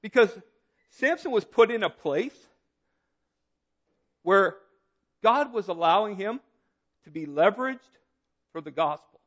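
A man's voice: lively intonation, a little slow, long pauses. Man preaching a sermon, muffled lo-fi sound. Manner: storytelling, repetitive emphatic phrasing, drops low and quiet for drama. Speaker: pastor.

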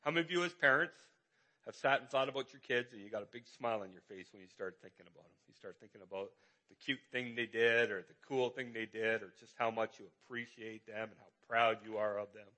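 A man's voice: fairly low pitch, quick pace, bright, forceful tone. A middle-aged man, a pastor, preaching a conversational sermon with lots of repetition and rhetorical questions.

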